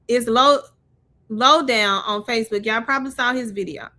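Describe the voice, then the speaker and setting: A woman commenting on a livestream, sarcastic and blunt, breaking in loudly as she reads a post aloud. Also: fairly high pitch, normal speed. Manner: sarcastic, interjects loudly while reading.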